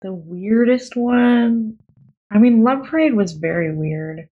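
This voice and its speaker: A woman's voice: a little high, animated, slow, phone-quality sound. Playful, giggly female podcast co-host. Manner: playful, self-mocking, giggly. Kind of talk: casual film podcast chat.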